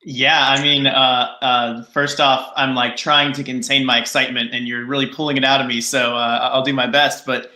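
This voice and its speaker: A man's voice: mid-range voice, little pitch movement, normal speed, few pauses, bright, forceful tone. A man speaking as a panel guest, earnest and evangelizing. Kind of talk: casual panel chat. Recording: echoey room.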